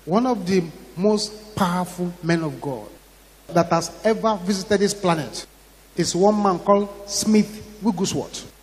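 Give me a high-voiced Ghanaian preacher man in a reverberant hall. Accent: Ghanaian English. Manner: dramatic storytelling, acts out quoted voices, rising to shouts. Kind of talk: sermon.

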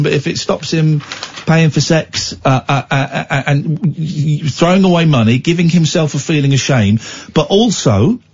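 A man hosting a late-night phone-in, husky and a bit high, blunt and jokey, rambling with restarts. The sound is dull, like lo-fi radio.

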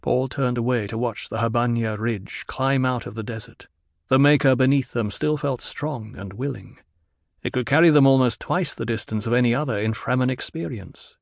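A man narrating a novel in an even, descriptive reading. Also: medium pitch, normal speed, vocal fry, no room sound, studio quality. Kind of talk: audiobook narration.

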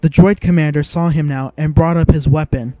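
A man's voice: fairly high pitch, fairly even intonation, fairly quick, warm tone, no room sound. A man giving dramatic, vivid scripted narration of an audiobook.

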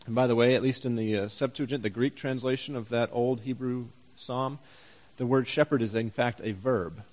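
A man's voice: mid-range voice, steady tone, normal speed, a little mellow. A man pastor giving a sermon in a church, conversational and full of rhetorical questions and wry humor.

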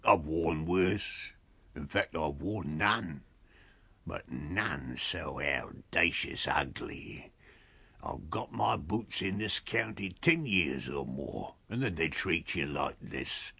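A gruff old tramp , put on by a male storyteller, grumbles in a deep, slow drawl with a husky grain. He speaks from a bit back from the mic in a dry, close room. The rustic storybook voice drags each word. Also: expressive, bright, forceful tone, dry recording, heavily acted. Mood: grumbling.

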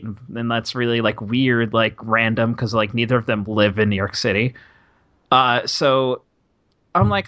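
Man, podcast guest, bright edgy tone, very dry close sound, self-deprecating storyteller. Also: mid-range voice, moderate pace, no echo. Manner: self-deprecating storyteller, acts out voices in anecdotes. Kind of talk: casual chat.

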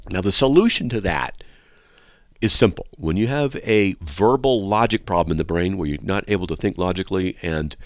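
A man with a low voice hosts a talk radio show, lecturing sarcastically and reading listener emails out loud. He's in a radio studio with a window onto the control room, and the sound has no echo.

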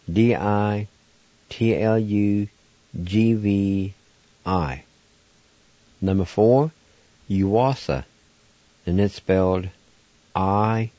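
A man's voice: fairly low pitch, dark tone, no echo, dull audio. A man giving a radio language lesson, patiently spelling words out syllable by syllable and pronouncing them. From Oklahoma, United States. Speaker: language teacher.

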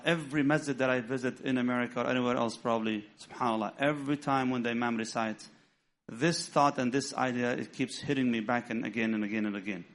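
A middle-aged man whose first language is Arabic, giving a storytelling sermon, acting out dialogue and weaving in Arabic phrases. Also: mid-range voice. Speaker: imam giving a talk.

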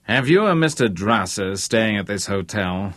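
A man's voice: on the low side, animated, normal speed, a bit bright, dry recording. A man voicing a brash, pushy businessman who barks his demands. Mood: brusque. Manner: barking, brusque.

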